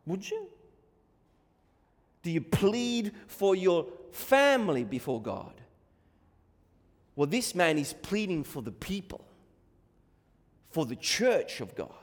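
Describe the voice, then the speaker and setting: A man's voice: high-pitched, in a large hall. A man preaching a sermon, impassioned and pleading, recorded in a church. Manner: impassioned, rising to pleading cries.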